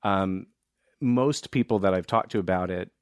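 Low-voiced man musing on film. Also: normal speed, clean tone, no echo, clean studio sound. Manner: thoughtful, rambling with restarts. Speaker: film director. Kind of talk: casual conversation.

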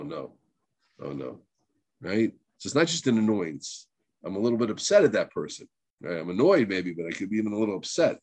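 A man's voice: lowish voice, no echo. A middle-aged man with a New Jersey accent giving a conversational religious class. He mixes Hebrew terms into his English and keeps checking in with "right?". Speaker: Torah teacher.

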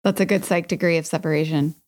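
A woman's voice: low-pitched, steady tone, fast, a little mellow. A woman co-hosting a podcast, bubbly and enthusiastic, gushing in a casual chat. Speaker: podcast co-host.

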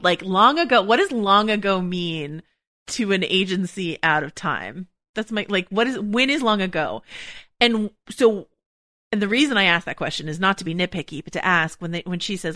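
A woman's voice: mid-range voice, lively intonation, unhurried, bright, forceful tone, no echo, studio quality. A woman hosting a podcast in casual chat, thinking aloud with lots of restarts and asides. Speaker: podcast host.

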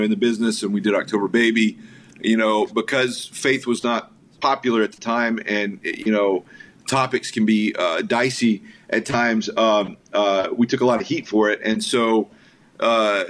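A man, a filmmaker guest, telling stories in a casual interview, full of fillers and quoted voices. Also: on the low side. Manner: animated anecdotes with quoted voices, frequent fillers.

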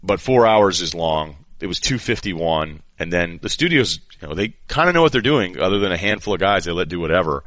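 A man's voice: low-pitched, lively intonation, a little fast, few pauses, a bit bright, no echo. A middle-aged man hosting a podcast, chatting in a rambling, joking way and often interrupting himself. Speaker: podcast host. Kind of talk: casual chat.

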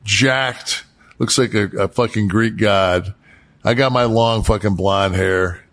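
A man's voice: on the low side, takes it slowly, a bit bright. A man telling rambling, profane stories from the road in casual podcast chat, with lots of restarts. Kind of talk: casual storytelling.

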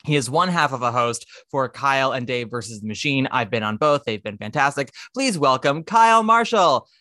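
A man's voice: medium pitch, brisk, pushed and bright, dry recording, clean studio sound. A man hosting a podcast in casual chat, playful and opinionated. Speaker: podcast host.

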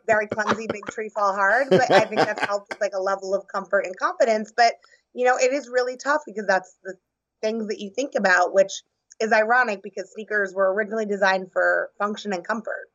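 Woman co-host cracking jokes, mid pitch, slightly muffled lo-fi sound. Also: fairly even intonation, fairly quick, a bit bright. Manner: jokey, chatty. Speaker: podcast co-host. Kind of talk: casual chat.

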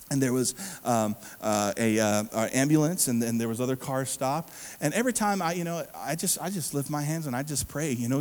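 High, lively preaching man in a hall. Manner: emphatic preaching with call-outs to the congregation. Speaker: pastor. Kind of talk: sermon.

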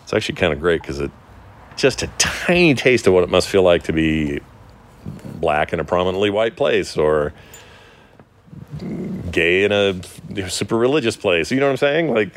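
A man with a fairly low voice co-hosts a relaxed podcast. He jokes and rambles between reading listener emails aloud. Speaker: podcast co-host. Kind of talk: casual chat.

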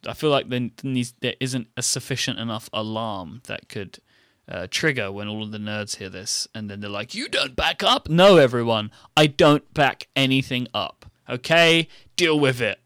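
A man's voice: medium pitch, moderate pace, hardly any pauses, a bit bright, smooth, dry recording. Podcast co-host, male, dry close sound, teasing banter. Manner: joking, teasing, playful exaggeration. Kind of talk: casual banter.

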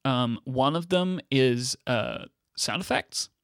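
Young male co-host, deadpan and rambling, dry close mic. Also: medium pitch, slow, vocal fry, no echo. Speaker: podcast co-host. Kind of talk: casual banter.

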